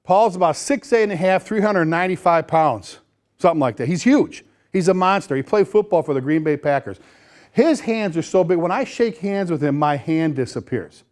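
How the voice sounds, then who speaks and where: High-voiced man giving an energetic seminar talk. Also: normal speed. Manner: energetic, folksy, repeats phrases for emphasis. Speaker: fire chief giving a seminar. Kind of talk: motivational seminar talk to firefighters. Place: seminar room before a live audience.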